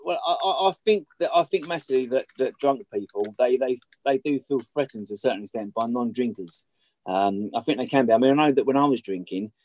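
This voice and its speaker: Fast-talking blunt middle-aged man. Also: mid-range voice, a little mellow, dry recording. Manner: blunt and sweary, repeats points for emphasis. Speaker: guest. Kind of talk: candid conversational storytelling.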